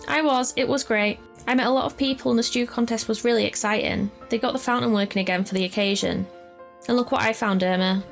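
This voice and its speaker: A woman's voice: on the high side, steady tone, quick pace, vocal fry, soft background music. A woman voicing a kind, earnest young hospital worker in a story game. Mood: excited.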